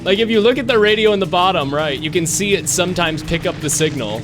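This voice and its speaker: A man streams a game live, ranting in frustration with plenty of swearing and laughter as game music plays behind him. His high voice is animated, and he talks fast.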